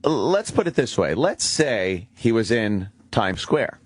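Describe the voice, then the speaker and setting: A man's voice: lowish voice, big pitch swings, takes it slowly, slightly rough, no room sound. A middle-aged man, co-hosting a radio talk show in a sarcastic, mocking way. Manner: sarcastic, mocking, puts on silly voices.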